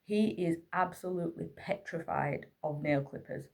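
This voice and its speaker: A woman's voice: deep voice, moderate pace. Weary single mother, candid vlog. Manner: candid, weary, tearful retelling. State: exhausted. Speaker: single mother of an autistic child. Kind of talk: emotional personal vlog, talking to camera.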